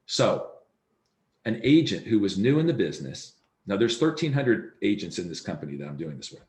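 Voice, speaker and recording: A man's voice: lowish voice, very animated, moderate pace, a little mellow. A man giving a real estate sales training over a video call, acting out dialogue in his stories. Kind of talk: training presentation. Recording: roomy echo.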